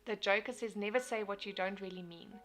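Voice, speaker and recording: A woman's voice: mid-range voice, fairly even intonation, a little fast, a bit bright, a little hiss or hum. A young woman, hosting a casual motivational live stream, talking earnestly and reading out viewer comments. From South Africa. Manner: earnest, repeats and restarts phrases.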